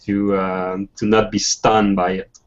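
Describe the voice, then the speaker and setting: A man narrating as game master of a tabletop role-playing game, halting with restarts and fillers. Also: fairly low pitch, flat delivery, smooth. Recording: dull lo-fi voice chat audio.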